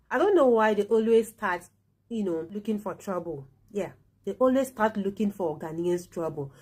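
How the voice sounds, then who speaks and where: A woman talks casually to her viewers in a middle-pitched voice, leaning on repeated words to drive her point home. It is an easygoing commentary delivery. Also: darkish tone. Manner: chatty, repeats words for emphasis. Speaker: vlog host.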